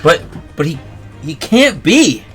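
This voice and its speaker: A woman's voice: low voice, sing-song, soft background music, full character voice. A woman reading an anxious young defendant. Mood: dismayed. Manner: halting, dismayed.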